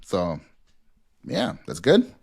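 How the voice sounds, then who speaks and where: A man's voice: sits low, wildly swooping pitch, gravelly, darkish tone, slightly rough, dry recording. A man hosting a podcast, running through a list at speed with fillers and short laughs in a casual chat. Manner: rapid rundown with fillers and laughs. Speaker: podcast host.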